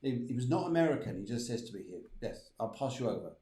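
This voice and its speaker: A man's voice: mid-range voice, lively intonation, fast talker, mellow, echoey room. A man hosting a live spiritual show, chatting and giving readings to viewers. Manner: chatty, reads out viewer requests. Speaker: medium and show host.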